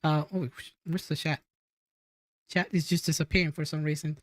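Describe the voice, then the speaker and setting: A woman's voice: deep voice, little pitch movement, normal speed, no room sound, studio quality. Giggly woman hosting a podcast. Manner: chatty, giggly, reads out chat. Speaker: podcast host reacting to clips. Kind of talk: casual chat.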